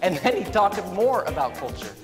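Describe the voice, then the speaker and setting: A man giving a comedic motivational keynote on stage, animated and playful. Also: high-pitched, normal speed. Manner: animated and playful, acting out funny voices. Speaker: motivational speaker. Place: large event hall on stage. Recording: echoey hall with music underneath. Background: music.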